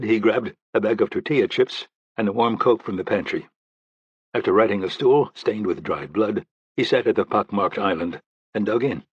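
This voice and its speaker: A man narrating a thriller audiobook in a steady, even storytelling manner. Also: on the low side, slightly rough, no echo, dull audio.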